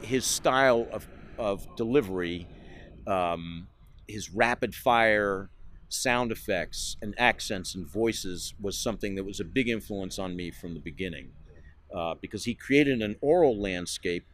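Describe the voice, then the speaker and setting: A man's voice: fairly low pitch, measured pace, fairly bright tone. A man answering interview questions about his work in a reflective way, with fillers. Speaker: puppeteer interviewed.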